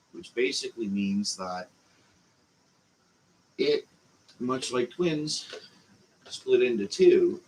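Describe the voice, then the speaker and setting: A Canadian man, hosting a channel and teaching a growing class, speaks slowly in a low voice in a casual instructional style. He meanders and uses lots of fillers. The recording is low quality, with slight background noise.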